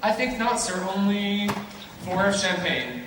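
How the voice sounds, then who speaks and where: Guy doing a stiff pompous servant, clipped and formal, lively pitch, echoey hall far off w/ hiss. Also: a little slow. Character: pompous dry male college servant. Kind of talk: stage play acting. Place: school stage in a large hall.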